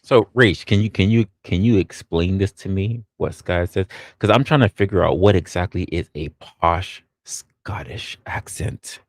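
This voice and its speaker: A man's voice: sits low, measured pace, hardly any pauses, no echo, studio quality. A man chatting casually on a live-stream panel, joking and rambling through stories. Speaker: panel participant.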